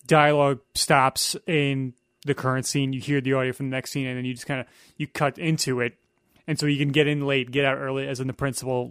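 A man's voice: mid-range voice, a bit bright, clean tone, no echo, studio quality. A young man talking as a guest on a casual film podcast, explaining editing in an analytical way with many fillers.

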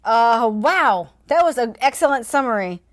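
A woman's voice: on the high side, expressive, normal speed. A woman co-hosting a casual book discussion, wry and giggly, often trailing off mid-thought. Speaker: podcast co-host.

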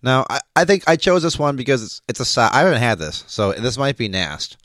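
A man's voice: mid-range voice, lively intonation, a little fast, a bit bright, dry recording. A man co-hosting a casual beer-tasting podcast in a studio, cracking puns and laughing often. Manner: jokey, punning, laughs often. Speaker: podcast co-host. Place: recording studio.

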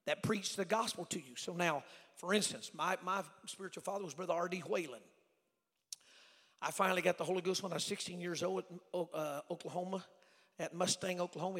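An older man preaching a sermon as evangelist, folksy and storytelling, rising to shouts. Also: high-pitched, creaky. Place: church sanctuary. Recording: church hall reverb.

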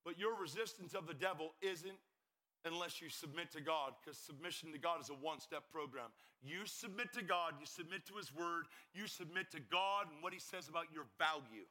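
A man from Pennsylvania giving a fast, urgent testimony sermon at a conference, breaking into sudden shouts. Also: a little high. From York, Pennsylvania, US. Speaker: evangelist speaker.

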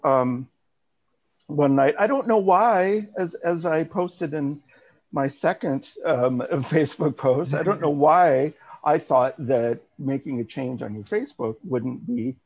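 A middle-aged man, podcast co-host, telling a story in casual chat with animated swearing and frequent laughing. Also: a little high, husky. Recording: dull lo-fi podcast audio.

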